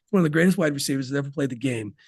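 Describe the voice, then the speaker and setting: A man's voice: mid-range voice, lively intonation, rapid-fire, a little mellow, husky, no room sound, clean studio sound. A man guesting on a podcast interview, talking about business systems in an emphatic, folksy way with sports analogies.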